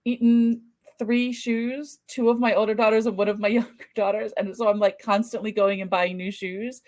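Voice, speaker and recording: A middle-aged woman hosting a conversational podcast. She is chatty and quick to laugh at herself, and speaks at an ordinary pitch. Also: fairly even intonation, a little mellow. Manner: chatty, self-deprecating, laughs easily. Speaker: podcast host.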